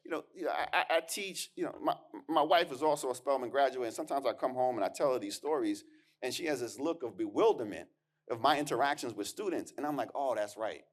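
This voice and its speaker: A man's voice: mid-range voice, animated, quick pace. A man giving a keynote lecture as a historian, emphatic and conversational, with punchy asides and words repeated as he restarts. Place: lecture hall.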